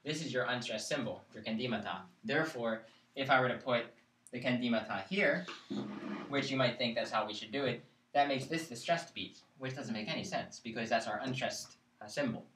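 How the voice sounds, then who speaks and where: A man leads a chant class in a middle-pitched voice, explaining each point patiently and stopping to ask whether everyone follows. He stands well back from the microphone, and the room gives his voice a clear echo. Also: a little fast, a bit bright. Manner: explains patiently, checks in with students. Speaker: chant teacher. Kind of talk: live classroom lesson. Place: classroom, live-streamed. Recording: echoey room, mic far off.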